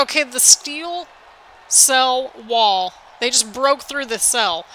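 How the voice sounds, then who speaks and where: A woman giving excited, anxious play-by-play commentary over a wrestling video game, exclaiming often and talking to viewers as "people". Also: sits high, takes it slowly, slight background noise, low-quality recording. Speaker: gaming video host.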